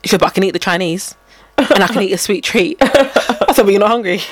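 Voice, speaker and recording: A woman's voice: medium pitch, fast, no room sound. A young woman, casually telling a story on a podcast, acting out quotes and laughing often. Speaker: podcast co-host. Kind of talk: casual chat.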